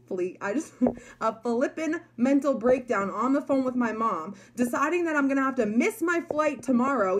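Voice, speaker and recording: Young woman, slightly high voice, chatty motivational vlogger. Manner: chatty, emphatic, many likes and you guys. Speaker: network marketer. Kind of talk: motivational talk to followers.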